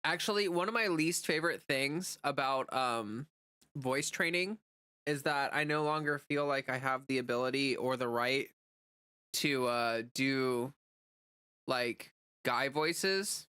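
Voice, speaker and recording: Woman streamer, casual chatter with viewers; bright, forceful tone; dry recording. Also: very deep voice, slow pace, clean tone, dry recording. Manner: chatty, answers chat messages, many "like" fillers. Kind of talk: casual livestream chat.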